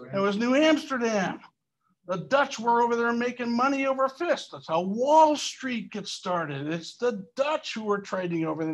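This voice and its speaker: Brief: lively male history teacher, higher-pitched voice, questions the class. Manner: animated, asks the class questions.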